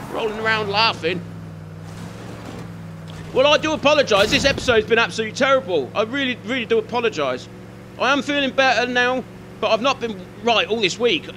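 High, bright-voiced gamer. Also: male voice, a little hiss or hum. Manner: chatty, teasing, scolds the game and characters. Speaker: gaming YouTuber. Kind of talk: let's play commentary.

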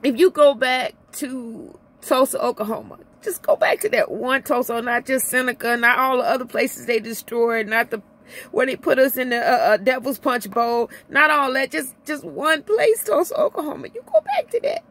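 A middle-aged Illinois woman vlogs a heartfelt personal rant, near tears, saying things over and over while her voice moves between high and low. She is animated, with a moderate pace and a fairly bright tone.

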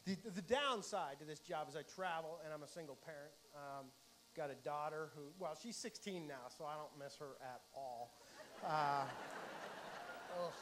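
High-voiced male stand-up comic. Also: moderate pace. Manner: animated, mock-excited storytelling. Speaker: stand-up comedian. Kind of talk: stand-up comedy set.

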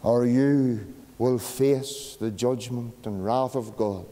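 A man preaching a sermon in a church, using slow dramatic pauses and dropping to a hush on key words. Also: mid-range voice. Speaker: pastor. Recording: long church reverb.

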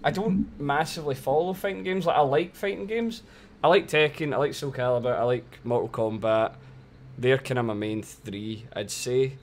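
A man's voice: mid-range voice, moderate pace, a little hiss or hum. A young man chatting casually on a live game stream, laughing often and swearing freely.

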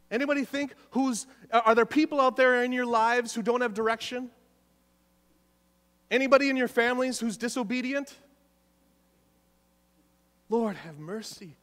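High-voiced pastor in a reverberant church. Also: male voice, a bit bright. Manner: emphatic, repeats key phrases, questions the congregation. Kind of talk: sermon. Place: church sanctuary.

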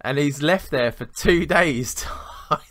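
A man's voice: fairly high pitch, takes it slowly, a bit bright, no room sound, studio quality. A man co-hosting a podcast, telling a rambling work story in casual chat, swearing and laughing as he goes. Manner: rambling, swearing, laughs at his own stories. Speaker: podcast co-host.

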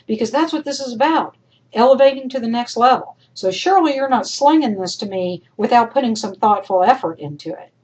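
A woman college instructor recording feedback for her class, emphatic and encouraging, talking straight to her students, her voice worn and going hoarse. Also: on the high side, rough recording.

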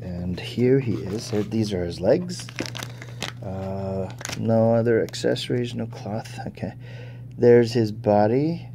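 A man's voice: on the low side, slow pace, background noise. A man giving casual, chatty toy unboxing commentary, thinking aloud and easily impressed. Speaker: toy reviewer.

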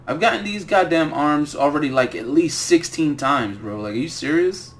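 A man's voice: a little high, expressive, moderate pace. A young man streaming a game, ranting and swearing about the loot he gets. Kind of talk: live gaming commentary.

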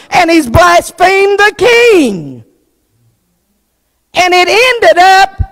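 Woman pastor, fervent storyteller, lively high voice, gravelly edges, long church reverb. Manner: fervent storytelling preacher who acts out the story's characters. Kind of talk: sermon.

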